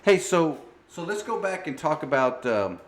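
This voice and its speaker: A man hosting a podcast, asking questions in a relaxed way and dropping quick affirmations. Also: on the high side, over a noisy crowd. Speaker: podcast host. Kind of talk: casual interview.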